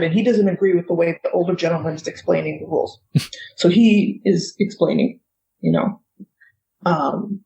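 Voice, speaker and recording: A woman from the United States, a guest author telling a personal story in a lively way and laughing often. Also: fairly low pitch, vocal fry, lo-fi sound. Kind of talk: casual storytelling.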